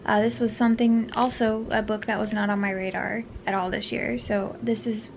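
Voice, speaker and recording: A woman's voice: medium pitch, flat delivery, normal speed, gravelly, slight background noise. A tired woman chatting to camera as a book vlogger, rambling with lots of fillers and the odd whispered aside. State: tired, yawning. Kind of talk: casual chat to camera.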